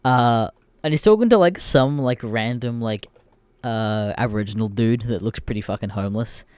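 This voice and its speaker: A man's voice: mid-range voice, moderate pace, darkish tone, clean tone, no echo. Foul-mouthed Australian guy ranting. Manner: swears constantly, blunt and irreverent. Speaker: podcast host. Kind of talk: casual ranting storytelling.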